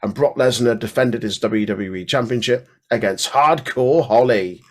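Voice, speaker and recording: A man's voice: mid-range voice, normal speed. A man co-hosting a wrestling podcast, reading facts from history with playful asides. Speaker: podcast co-host.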